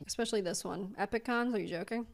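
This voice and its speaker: A woman's voice: mid-range voice, quick pace, vocal fry, a crowd in the background. A woman hosting a commentary channel, talking casually and emphatically straight to her viewers. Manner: emphatic, addresses viewers directly.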